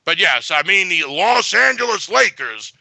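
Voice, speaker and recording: Gravelly sharp-voiced guy, blunt and cocky about his bets, lots of uhs. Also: high-pitched, big pitch swings, moderate pace, no echo. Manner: blunt and boastful, many filler uhs. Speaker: sports betting handicapper. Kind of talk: sports betting talk.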